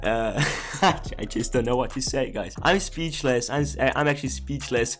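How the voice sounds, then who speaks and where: Excitable young man narrating his gaming. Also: medium pitch, moderate pace, soft background music. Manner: excitable, exasperated, laughs a lot, talks to viewers. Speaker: gambling streamer. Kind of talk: casual gaming commentary.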